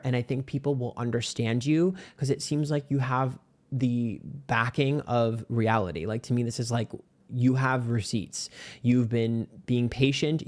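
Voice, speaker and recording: A man giving a casual tarot card reading. He is brash, sassy and profane, and his pitch jumps up suddenly for emphasis. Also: a little mellow. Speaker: tarot reader.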